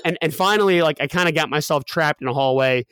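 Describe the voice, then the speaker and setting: A man in his thirties, a podcast guest, telling a personal story quickly with many restarts and fillers. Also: a little high, fairly bright tone, clear, resonant tone, no echo. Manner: rapid, with frequent restarts and fillers.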